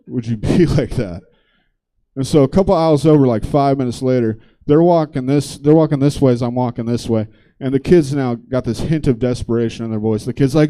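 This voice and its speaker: A man's voice: mid-range voice, steady tone, fairly quick, warm tone. A man doing stand-up comedy, telling a long story in a loose, conversational, profane way on a theater stage.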